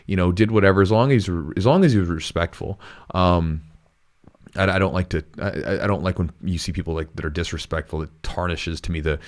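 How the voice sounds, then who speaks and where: A man's voice: deep voice, fairly quick. A man hosting a jiu-jitsu podcast, talking in an earnest, rambling way with frequent restarts. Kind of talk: casual podcast chat.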